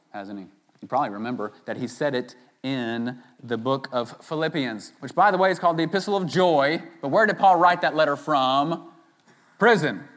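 A man preaching a sermon, swinging between loud, stressed phrases and quiet, conversational asides to his congregation. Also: on the high side. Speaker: pastor.

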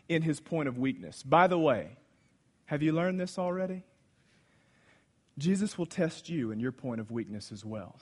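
A man preaching a sermon, swinging between loud exclamations and hushed asides as he retells a Bible story. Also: on the high side, sing-song, measured pace, slightly rough. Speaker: pastor.

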